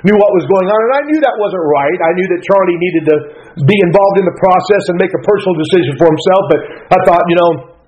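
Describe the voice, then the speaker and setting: A man's voice: sits high, fast talker, a little mellow, poor audio. A middle-aged man, a pastor telling his life story in a folksy, earnest way that keeps correcting itself, heard in a radio broadcast. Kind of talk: personal storytelling talk.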